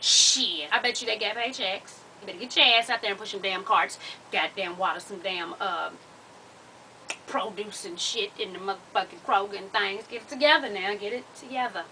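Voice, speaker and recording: A woman's voice: medium pitch, normal speed, sharp tone, far from the mic, a little hiss or hum, low-quality recording. A woman hosting a casual advice vlog, ranting brashly with profanity and calling viewers "baby.". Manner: addresses viewers as "baby" and "y'all". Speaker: advice show host.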